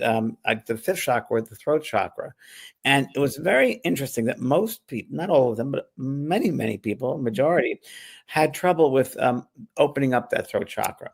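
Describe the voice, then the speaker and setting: A man with a mid-range, vocal-fry voice hosts a spiritual talk show. He chats casually and rambles a little, restarting often and laughing as he talks.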